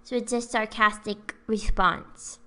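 A woman tutor giving a language lesson, switching between Spanish and English and repeating example phrases slowly and carefully. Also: mid-range voice, steady tone, bright, forceful tone.

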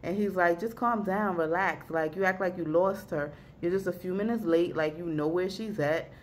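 A young woman vlogs from her desk at home, her voice sitting low and sounding close to tears. She talks in a confessional, rambling way, trailing off and restarting her thoughts. Faint background noise hums under the recording. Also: moderate pace. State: weepy, emotional. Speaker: vlogger. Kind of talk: casual vlog chat.

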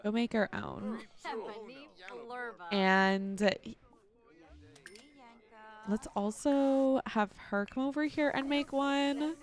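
A young woman giving excited, gushing gameplay commentary, laughing often. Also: fairly high pitch, extremely slow, long pauses. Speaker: let's play host.

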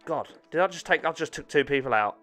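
Brief: male gamer, lively up-and-down delivery, swears, laughs at himself, faint game music behind. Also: a little high, quick pace. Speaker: gaming channel host. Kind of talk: let's-play commentary.

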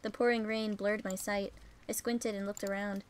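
A woman's voice: medium pitch, little pitch movement, normal speed. A woman reading a visual novel game aloud, narrating plainly and breaking in with swearing and joking reactions. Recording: faint music behind.

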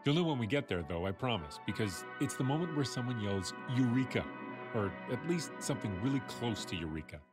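A man's voice: mid-range voice, sing-song, fast, hardly any pauses, music in the background. A man hosting a science show, telling a story in a playful, chatty way that speaks straight to the listener. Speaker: host.

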